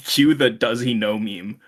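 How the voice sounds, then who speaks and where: A man's voice: on the low side, a little slow. A young man co-hosting a podcast in casual chat, rambling, laughing often and swearing freely. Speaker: podcast co-host.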